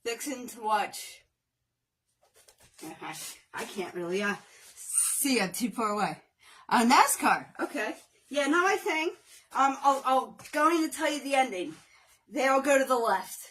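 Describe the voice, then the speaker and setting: Woman, live workout host, chatty and joking, counts reps aloud, somewhat high pitch. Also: animated, a little slow, long pauses, fairly bright tone, recorded from a distance. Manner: breaks into playful off-key singing. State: exercising, at times strained. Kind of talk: casual livestream workout chat.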